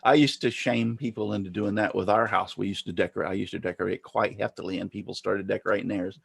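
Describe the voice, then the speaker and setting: A man's voice: lowish voice, fairly even intonation, fast, creaky, husky, no echo. A man chatting casually on a live stream, laid-back and easily amused, over a video call.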